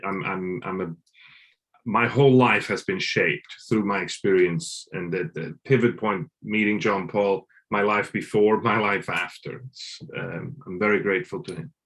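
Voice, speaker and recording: A man from Switzerland, a guest in a casual interview, talking in halting bursts with many restarts. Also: sits low, fairly bright tone.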